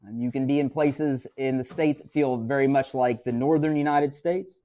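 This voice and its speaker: A man's voice: medium pitch, fairly even intonation, moderate pace, dark tone, lo-fi sound. Middle-aged man lecturing a class. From Missouri. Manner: conversational, with frequent "right?" check-ins. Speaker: teacher.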